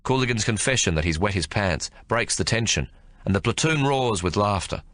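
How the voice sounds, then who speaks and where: A male audiobook narrator tells the story with animated pitch and a forward, bright voice. His voice sits fairly low. The recording is close and dry. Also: normal speed, dry recording. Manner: expressive storytelling with lively pitch. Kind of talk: scripted narration.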